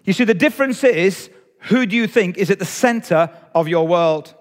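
A man's voice: sits high, expressive, moderate pace, long reverb tail. A man preaching a sermon in a chatty way, talking straight to his church and an online audience. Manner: conversational, audience-engaging preaching. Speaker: pastor. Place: church hall, streamed online.

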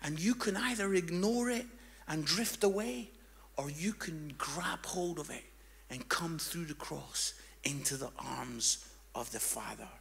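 A man preaching a sermon, telling a story and swinging from hushed tones to loud, fervent passages. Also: a little high, expressive, a little slow, vocal fry.

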